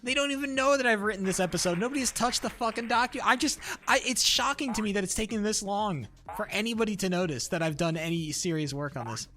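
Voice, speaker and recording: A young man streaming a game live, talking to his chat in a casual, profane and excitable way. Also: sits high, quick pace, few pauses. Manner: profane, excitable, talks to chat between bursts of laughter.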